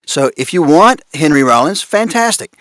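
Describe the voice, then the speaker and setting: A man speaking on a conference panel about voice direction, amused and animated, laughing often. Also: on the high side, normal speed, dry recording, studio quality. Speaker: panelist on voice acting.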